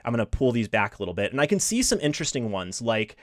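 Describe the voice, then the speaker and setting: A man's voice: medium pitch, very animated, fast talker, no echo, studio quality. Casual man hosting a live tech stream. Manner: casual, chatty, self-deprecating, frequent restarts. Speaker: livestream host. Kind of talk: live technical tutorial.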